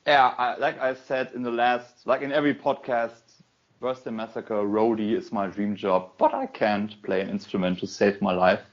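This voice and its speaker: A man's voice: on the low side, steady tone, normal speed. A man co-hosting a casual podcast, joking and teasing his friends. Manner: jokey, teasing. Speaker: podcast co-host. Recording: dull lo-fi podcast audio.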